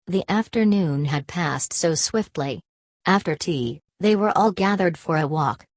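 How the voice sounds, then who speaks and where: Audiobook narrator, woman, low deep register, dry close sound, measured delivery. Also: no room sound. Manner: steady, measured reading with quoted dialogue. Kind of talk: scripted narration.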